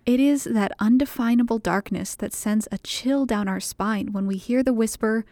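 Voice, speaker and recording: A woman narrating audiobooks in a measured, steady reading voice. Her tone is warm and mellow, pitched a little high, and the sound is dry and close with no room around it. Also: no room sound.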